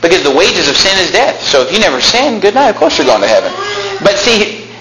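A man's voice: high voice, big pitch swings, brisk, bright, forceful tone. A man preaching a sermon, telling stories and rising to emphatic peaks. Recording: echoey room with faint noise.

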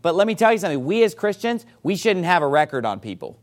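High, animated male preacher. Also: quick pace. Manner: forceful, emphatic preaching with rhetorical questions. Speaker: pastor. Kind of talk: sermon.

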